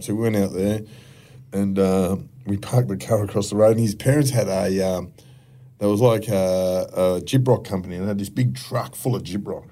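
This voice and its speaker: Middle-aged Aussie man, gravel-free but husky, unhurried swearing storyteller, mellow tone. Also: fairly low pitch. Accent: Australian. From Australia. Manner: rambling, profane anecdotes with frequent laughs. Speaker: podcast guest. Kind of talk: casual storytelling.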